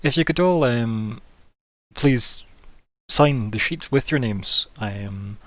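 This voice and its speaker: A man's voice: medium pitch, animated, slow pace, a bit bright, no room sound. A man voicing an eager, overly professional young male receptionist in a tabletop game. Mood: eager, polite. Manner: overly professional, politely formal.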